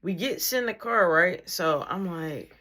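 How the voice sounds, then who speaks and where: A woman telling a family story casually, slangy and animated, acting out the people in it. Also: fairly low pitch, a little slow.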